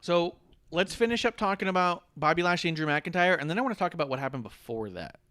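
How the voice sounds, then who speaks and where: A man's voice: a little high, lively intonation, fast talker, bright, forceful tone, no echo, studio quality. Joking, profane man with a raised voice. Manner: profane, joking, rambling banter. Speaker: podcast co-host. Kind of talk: casual wrestling podcast chat. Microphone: podcast microphone.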